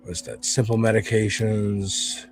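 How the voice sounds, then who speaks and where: A man's voice: on the low side, level tone, unhurried, faint music behind. A man streaming a video game, giving loose, rambling commentary with casual swearing.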